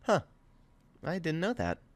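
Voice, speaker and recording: A man voicing a gentle young woman in a storybook reading, speaking quietly and hesitantly. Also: fairly high pitch, huge pitch swings, measured pace, pitched above the performer's own voice, exaggerated voice.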